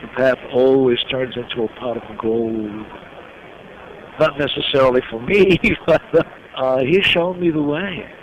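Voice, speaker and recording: Older New York man telling stories. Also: mid-range voice. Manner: emotional, slow storytelling. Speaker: guest. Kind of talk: reflective storytelling interview. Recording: dull lo-fi recording with noise.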